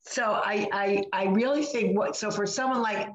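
A woman hosting a casual conversation, chatty and full of fillers, telling a personal story in an animated way. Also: mid-range voice, normal speed, roomy sound, low-quality recording. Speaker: host. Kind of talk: casual chat.

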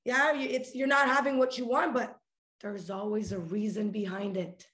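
A woman hosting a podcast, giving a casual motivational talk in a playful, animated way and calling her listeners guys and family. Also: a little high, moderate pace, echoey room. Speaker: podcast host.

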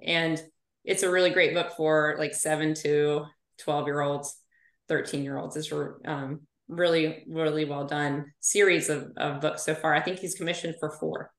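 A woman's voice: low-pitched, moderate pace. Chatty woman physical therapist, roomy sound. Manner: chatty storyteller, animated asides. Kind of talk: casual podcast interview. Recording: roomy echo.

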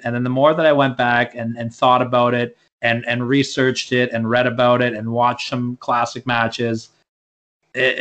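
A man's voice: mid-range voice, fairly bright tone. A man co-hosting a casual podcast about wrestling, rambling and restarting his sentences as he makes his case. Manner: rambling, repeats words when restarting. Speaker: podcast co-host.

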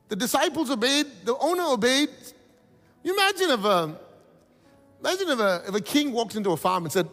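A pastor with a very high-pitched voice preaches a little fast in a large church hall, soft music playing behind him. He tells stories with animation and calls out for the congregation to repeat after him.

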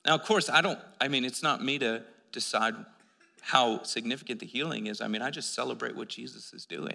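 Bright-voiced man preaching in a reverberant hall. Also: mid-range voice, brisk, creaky. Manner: conversational, animated storytelling with many restarts. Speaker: pastor. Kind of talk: sermon with storytelling.

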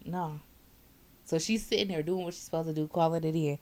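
A woman with a somewhat low voice, chatting casually about her job driving a bus. She tells her stories in an animated way and acts out what people said. Her talk is blunt and full of profanity. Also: fairly quick. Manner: animated storyteller, acts out quotes, laughs often. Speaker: bus driver. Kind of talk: casual chat, telling work stories.

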